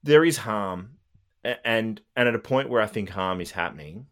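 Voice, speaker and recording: Low lively man co-hosting. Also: normal speed. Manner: agreeable, frequent backchannel, laughs often. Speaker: podcast co-host. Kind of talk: casual podcast chat.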